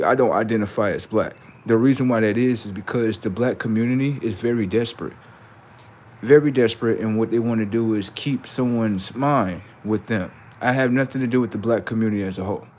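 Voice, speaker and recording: A man's voice: lowish voice, darkish tone. A man hosting a livestream, ranting in a profane, mocking and repetitive way while reacting to videos. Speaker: livestream host.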